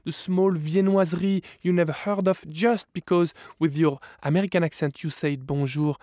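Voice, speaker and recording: A man with a French accent talks cooking on a radio show, playful and quick to tease. His voice sits a touch high. The sound is close and dry. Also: no room sound. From France. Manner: playful, animated, many restarts. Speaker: guest, cookbook author and video host. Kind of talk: casual radio interview.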